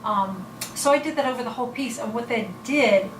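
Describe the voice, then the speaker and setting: A woman's voice: a little high, a little fast, reverberant, far from the mic, background noise. A woman casually explaining how to accent painted furniture, rambling with fillers and correcting herself as she shows pieces at home. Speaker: home decorating vlogger.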